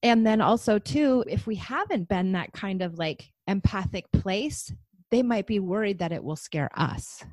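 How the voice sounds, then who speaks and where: A woman in her forties co-hosting a casual parenting podcast, telling stories with lively acted-out quotes. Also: medium pitch, moderate pace, no echo. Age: 40s. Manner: animated storyteller, acts out kids' voices. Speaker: podcast co-host, parent coach.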